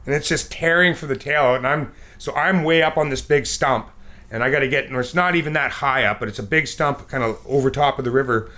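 Bright-voiced man telling a fishing story. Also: mid-range voice, a little fast. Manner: animated storyteller, acts out sounds and quotes. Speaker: podcast co-host. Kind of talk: casual storytelling chat.

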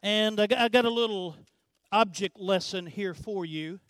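A man's voice: high-pitched, moderate pace, fairly bright tone, clear, resonant tone, no room sound. A male pastor preaching a sermon, emphatic and repetitive, speaking directly to his congregation.

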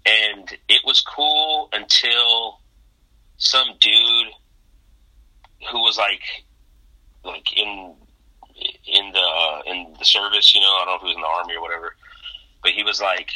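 A man's voice: on the low side, unhurried, pauses often, sharp tone, low-quality recording. A man telling stories in casual podcast chat, swearing freely and quoting people with lots of "dude". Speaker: guest.

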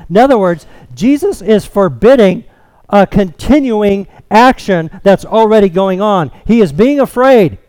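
A man preaching a sermon, expounding scripture in an emphatic, deliberate way. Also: high-pitched, a little mellow, smooth, no echo. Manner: slow, emphatic expository preaching.

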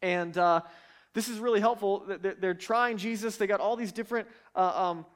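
A man with a high, light voice teaching from the Bible. He speaks earnestly and emphatically, often stumbling over repeated words as he pushes ahead. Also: normal speed.

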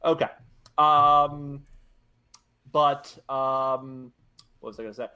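A man's voice: medium pitch, level tone, slow, bright, forceful tone, muffled recording. A man co-hosting a casual film podcast, talking with frequent restarts and hesitations. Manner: hesitant, many restarts, laughs often. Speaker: podcast co-host.

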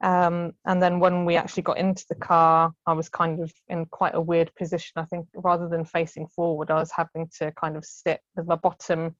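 Woman guest, low-set voice, chatty storyteller with frequent laughs, dry dull sound. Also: little pitch movement, a little fast, hardly any pauses, no room sound. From United Kingdom. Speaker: guest sharing birth story. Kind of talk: casual storytelling in conversation.

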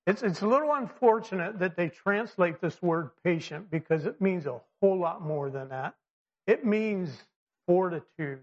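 A man's voice: sits high, normal speed. A man preaching a sermon in a conversational way, full of fillers and restarts, acting out quoted voices. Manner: lively, acts out quoted voices. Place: church or classroom with slides. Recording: dull lo-fi sound.

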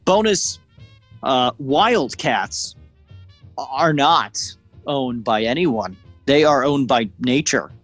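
A man's voice: medium pitch, animated, slow, fairly bright tone, faint music behind. A man co-hosting a podcast, chatting casually in a joking, rambling way. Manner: jokey, rambling storyteller. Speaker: podcast co-host. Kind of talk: casual chat.

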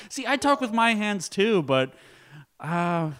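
Young guy hosting a podcast, smooth clear voice, kinda stammery, laughs a lot. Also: high-pitched, very animated, slow pace, fairly bright tone. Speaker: podcast host. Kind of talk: casual podcast chat. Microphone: podcast mic at a table.

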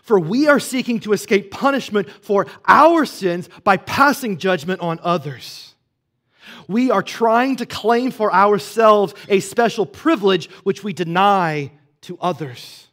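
A man preaching a sermon in a conversational way, asking rhetorical questions and moving between hushed asides and emphatic stretches. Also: sits high, animated, a little slow. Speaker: pastor.

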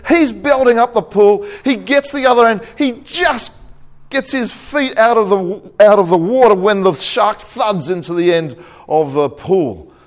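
A man's voice: high voice, measured pace. A man preaching a sermon, telling a joke and laughing at his own punchlines. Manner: jokey storyteller, chuckles at own jokes.

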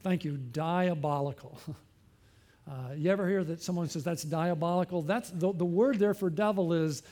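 A man's voice: on the high side, normal speed, mellow. A male pastor preaching a sermon, earnest, asking questions and repeating phrases for emphasis.

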